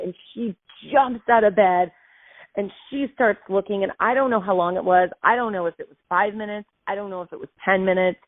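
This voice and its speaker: A woman in her thirties, host of her show, telling a personal story in a casual, emotional and animated way. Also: mid-range voice, fairly quick, no room sound. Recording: dry tinny phone-like sound.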